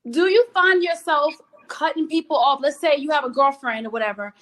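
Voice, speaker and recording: A woman hosting a casual chat show, animated and exclamatory, laughing often. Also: high voice, a little fast, rough recording. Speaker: host.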